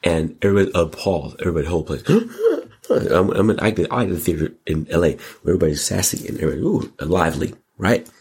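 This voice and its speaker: Deep husky man hyping a movie. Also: very fast, few pauses. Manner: animated, slangy, repeats words for emphasis. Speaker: show host. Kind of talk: casual movie review monologue.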